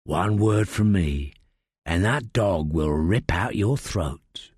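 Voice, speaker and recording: A man's voice: on the high side, wildly swooping pitch, unhurried, a bit bright, no room sound, studio quality, full character voice. A man voicing a tough, threatening family man with a thick London accent, in an audiobook reading. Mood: menacing. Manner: blunt, brash, threatening.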